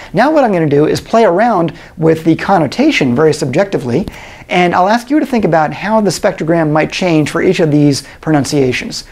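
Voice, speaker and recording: A middle-aged man giving a recorded college lecture, explaining in a measured way with frequent pauses and fillers. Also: a little high, darkish tone.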